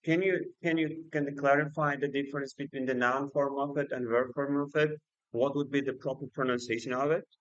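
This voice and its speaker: A man's voice: mid-range voice, steady tone, brisk, dry recording, highs cut off. A man hosting a casual livestream, speaking hesitantly with many fillers and restarts. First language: Uzbek. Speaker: livestream host and exam student.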